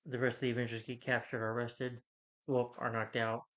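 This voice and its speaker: A man casually recapping a film as a reviewer, rambling with many fillers and quick quoted character lines. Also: medium pitch, flat delivery, a bit bright, muffled recording. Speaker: movie reviewer.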